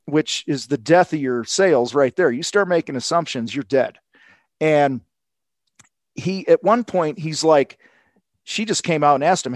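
A man telling a sales story in casual podcast talk, acting out the people he quotes with lively energy. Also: fairly high pitch, measured pace, dry recording. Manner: animated storytelling, acts out quotes. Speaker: sales coach guest.

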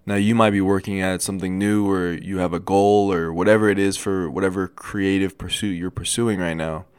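Young guy doing a motivational podcast solo, deep voice, kinda halting, stumbles and restarts a lot, dry close sound. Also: fairly even intonation, smooth, no room sound. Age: young adult. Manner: earnest, casual, addresses listeners as "man" and "guys". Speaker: podcast host.

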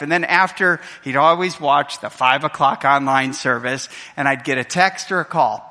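A man's voice: on the high side, normal speed, hardly any pauses, bright, forceful tone. Emotional male pastor preaching in a hall. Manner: emotional, storytelling, acts out quoted voices. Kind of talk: sermon. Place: church sanctuary. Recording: reverberant church hall.

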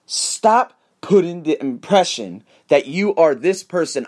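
An American man hosting his own podcast, giving a high-energy, emphatic motivational monologue with plenty of profanity. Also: animated, slow, few pauses. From United States. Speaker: podcast host.

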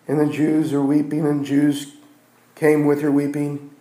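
A man preaching a sermon in a church. He builds phrases with repetitions and restarts, and swings from loud emphatic peaks down to near-hushed passages. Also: a little high, monotone, normal speed. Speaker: pastor. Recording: echoey room.

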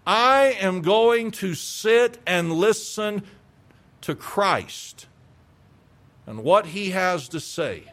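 Calm devoted young woman, as a man puts her on. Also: high voice, very slow, exaggerated voice. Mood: resolved. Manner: firm, resolved declarations.

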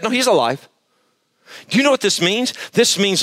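A pastor preaching to a live church service, emphatic and quizzing the congregation for answers. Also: male voice, on the high side, very animated, measured pace, long pauses, a bit bright. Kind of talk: sermon.

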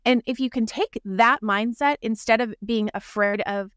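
A woman co-hosting a casual podcast, talking in an animated way and acting out remarks she quotes. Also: medium pitch, fast, hardly any pauses, dry recording, studio quality. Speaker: podcast co-host. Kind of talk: casual conversational podcast chat.

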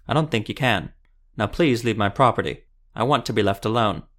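A man voicing a gruff, menacing male huntsman who is surly and cold. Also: on the low side, a little fast, a bit bright, natural voice.

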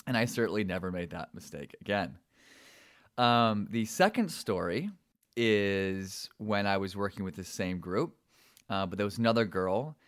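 A man's voice: fairly low pitch, lively intonation, normal speed, fairly bright tone, dry recording, clean studio sound. A young adult man hosting a podcast, telling a personal story in a rambling way with fillers and repeated words. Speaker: podcast host.

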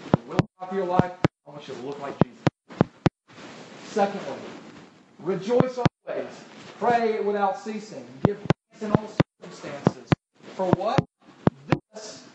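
A man preaching a sermon, talking conversationally and asking the crowd rhetorical questions. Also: sits high. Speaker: pastor. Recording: echoey hall, distant mic, loud noise.

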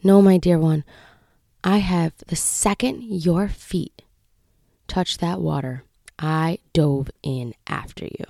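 Tender, loving God figure, hushed and soothing, voiced by a woman; mellow, dry sound. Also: mid-range voice, steady tone, measured pace, gravelly, no room sound.

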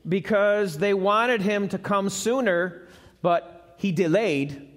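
A pastor with a voice that sits high takes his time preaching a sermon live in a church sanctuary. He speaks conversationally and puts questions to the congregation, and the recording carries a long church hall reverb.

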